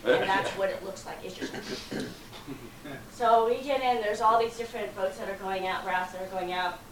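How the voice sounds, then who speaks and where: Animated woman storyteller in a roomy space. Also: mid-range voice, normal speed. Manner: dramatic, lively retelling with acted quotes. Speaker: speaker telling a story to an audience. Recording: roomy, from far off, faint noise.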